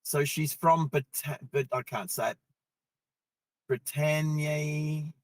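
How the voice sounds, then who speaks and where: A man's voice: a little high, normal speed, husky, no echo. A middle-aged Australian man hosting a live driving vlog, telling stories in a loose, chatty way and laughing easily. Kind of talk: casual storytelling while driving. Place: in a car on the road.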